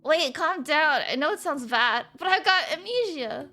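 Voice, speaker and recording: A woman doing a dating-game protagonist who just doesn't care, flattened into a deadpan monotone. Her bright tone still comes through under the boredom. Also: high voice, normal speed, soft background music, exaggerated voice. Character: deadpan young protagonist who cares about nothing.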